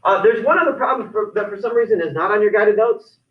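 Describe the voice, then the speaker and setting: A man's voice: sits high, quick pace. A man teaching a math class, explaining algebra steps one at a time with frequent restarts. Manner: explains step by step, with many restarts. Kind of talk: classroom lecture. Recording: roomy, distant, dull lo-fi sound.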